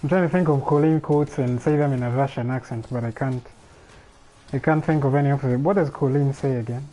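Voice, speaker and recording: A man's voice: medium pitch, brisk, warm tone, low-quality recording. A man hosting a casual livestream alone, thinking aloud in a rambling way with frequent restarts. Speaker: livestream host. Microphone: streaming microphone.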